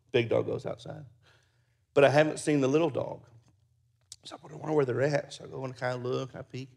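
A man preaching a sermon, telling folksy stories and closing in soft prayer. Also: mid-range voice, fairly even intonation, fast talker, creaky, pauses often. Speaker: pastor. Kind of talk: sermon with storytelling.

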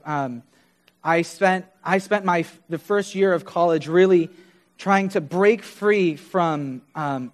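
High-voiced earnest young male preacher. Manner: earnest, animated storytelling with quoted dialogue. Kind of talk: sermon with personal testimony.

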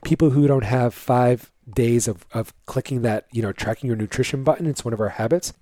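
A man's voice: medium pitch, a little fast, warm tone, no echo. A man, a fitness coach, lecturing viewers bluntly in a casual monologue full of fillers.

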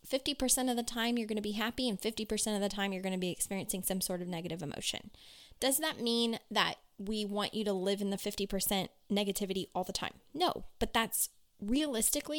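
A young woman, a pediatric occupational therapist, talking earnestly and reflectively straight to the listener in a casual self-help talk. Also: medium pitch.

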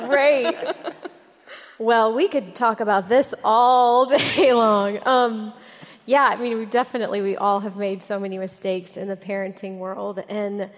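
Woman, mother on a church panel, self-mocking storyteller, slightly high voice, echoey hall. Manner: animated, self-mocking anecdote teller. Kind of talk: storytelling on a stage.

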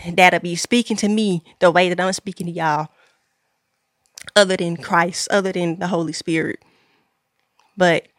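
A woman's voice: on the low side, a bit bright, no echo, clean studio sound. A woman podcast host, giving an earnest faith-based talk to her listeners, repeating key lines with preacher-like emphasis.

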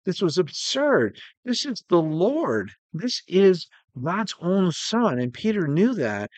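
A man's voice: fairly high pitch, very animated, no echo. Earnest male preacher, dry sound. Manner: earnest, slows down to stress key words. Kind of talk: sermon.

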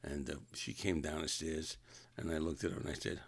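A man's voice: very deep voice, level tone, fairly quick, no echo. A man casually telling rambling personal anecdotes, often correcting himself mid-sentence. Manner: rambling, self-correcting, chuckling. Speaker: storyteller.

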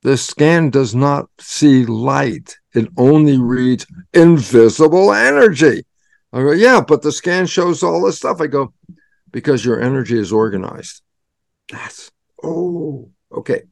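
An older man, a guest scientist, explaining in an animated storytelling way and acting out both sides of his own dialogues. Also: mid-range voice, a little slow, creaky, no echo, studio quality.

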